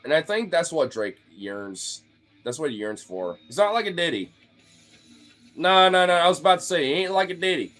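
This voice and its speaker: A man's voice: on the high side, lively intonation, moderate pace, a bit bright, soft background music. Man ranting casually, profane and loose. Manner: profane, loose, filler-heavy with frequent laughs. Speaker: streamer talking to followers. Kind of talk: casual rambling rant.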